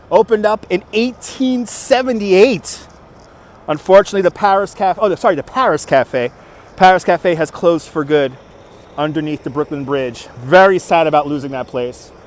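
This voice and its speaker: A man hosting a casual nighttime walking livestream outdoors on city streets, upbeat and thanking viewers for their donations, recorded on a phone. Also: high voice. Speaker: livestream walking tour host. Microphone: phone on a handheld gimbal.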